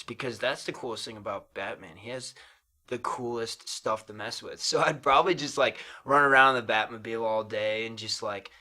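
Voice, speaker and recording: A young man in easygoing podcast chat with a bright, clear tone. He talks in a relaxed way and breaks into laughter often, at a middle pitch. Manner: laid-back, laughing often. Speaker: podcast co-host. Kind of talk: casual chat.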